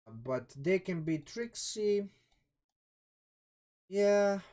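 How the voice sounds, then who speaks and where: A man's voice: high-pitched, animated, very slow, warm tone. A man from Croatia casually reviewing a game rulebook live, thinking aloud with many restarts and chatty asides to his viewers. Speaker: streamer reviewing a game sourcebook. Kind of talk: live-stream casual commentary.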